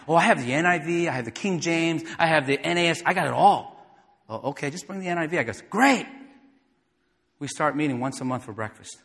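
A man preaching a sermon, telling a personal story and acting out the dialogue, dropping to a soft voice when moved. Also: a little high. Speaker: pastor. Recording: echoey hall with long reverb.

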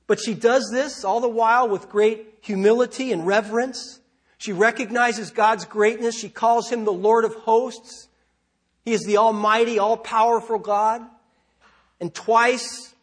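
Male pastor, high and slightly husky voice, conversational preaching full of rhetorical questions. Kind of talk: sermon.

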